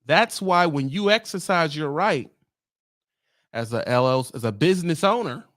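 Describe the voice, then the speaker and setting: A man's voice: fairly high pitch, animated, normal speed, fairly bright tone, no echo, clean studio sound. A man ranting in a vlog, a truck driver speaking in a profane, heated, sarcastic way. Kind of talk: ranting monologue.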